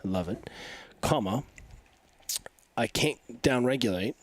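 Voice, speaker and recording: A man in his forties, stuffy from allergies, talking in an energetic, emphatic and rambling way as a podcast guest. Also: mid-range voice, measured pace. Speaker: podcast guest, coach and physical therapist. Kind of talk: casual interview talk.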